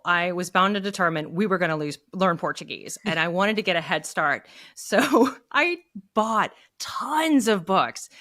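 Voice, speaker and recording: A woman's voice: mid-range voice, a bit bright. A woman, a guest on a podcast, explaining things in a casual conversation. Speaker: podcast guest, children's book author.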